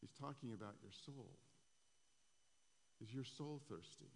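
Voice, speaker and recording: A man's voice: mid-range voice, measured pace, creaky. A male pastor preaching a sermon to a room and a live stream, raising his voice for quoted scripture. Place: church sanctuary. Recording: echoey hall, long reverb.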